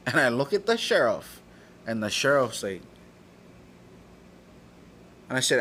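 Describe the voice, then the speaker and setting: A man's voice: mid-range voice, very animated, a little slow, long pauses, pushed and bright, breathy edge. Heated, cursing man from Hawaii. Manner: heated, profane, acts out quoted dialogue. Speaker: storyteller. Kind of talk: personal story told aloud.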